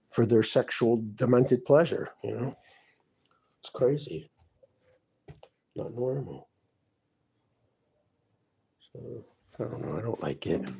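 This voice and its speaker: A man with a middling pitch and a creaky, raspy voice talks in his apartment. He sounds distressed and aggrieved, rambling from complaint to complaint. His voice has a rough, breathy edge throughout. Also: a little mellow. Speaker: vlogger. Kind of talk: rambling personal monologue to camera.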